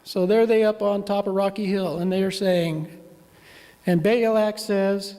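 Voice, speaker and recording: A man's voice: sits high, steady tone, unhurried, mellow. A man preaching a sermon as a minister, retelling a story in a conversational, storytelling way. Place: church. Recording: long church reverb.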